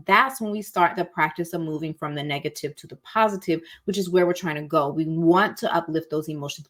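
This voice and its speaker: A woman's voice: on the low side, a bit bright. Woman, casual life-coach teacher; encouraging, chatty, calls listeners y'all. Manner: acts out inner thoughts in quoted asides.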